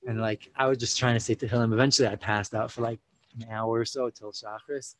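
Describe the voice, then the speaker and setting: A man's voice: mid-range voice, a little fast, rough recording. A young man, telling a personal story casually many fillers, acting out quotes. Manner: animated, full of 'you know, like' fillers, acts out quotes.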